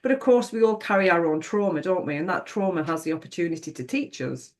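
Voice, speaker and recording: A woman's voice: on the low side, quick pace. A middle-aged woman, a podcast guest telling a personal story in a frank, reflective way and swearing now and then.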